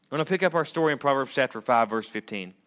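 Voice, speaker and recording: A married adult pastor delivers a sermon to a congregation in a church sanctuary, his medium-pitched voice expressive and quick. His style is conversational, climbing to loud, emphatic peaks and then dropping into quiet asides.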